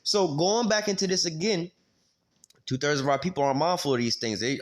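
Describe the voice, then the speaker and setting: In a fairly high, fairly quick voice, a man teaches a Bible passage in a loose, conversational style. His informal scripture teaching is full of street slang, filler words and casual cursing.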